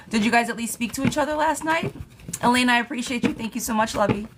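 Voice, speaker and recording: A woman's voice: on the high side, moderate pace, background noise. Chatty woman giving live tarot readings. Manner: chatty, reads viewer questions aloud and thanks them warmly. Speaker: tarot reader.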